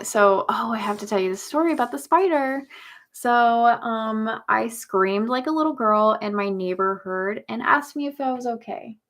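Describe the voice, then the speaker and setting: A woman's voice: mid-range voice, fairly bright tone. A young woman hosting a casual livestream chat, talking to her viewers and cooing at her cat. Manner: chatty, talks baby talk to her cat. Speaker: livestream host.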